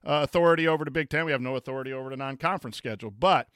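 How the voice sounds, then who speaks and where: A former coach talks through a casual sports chat in a bright, smooth voice. He rambles with many fillers and restarts, and the recording is dry and close. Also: mid-range voice, racing, no room sound. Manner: reads chat comments aloud. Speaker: podcast co-host, former coach.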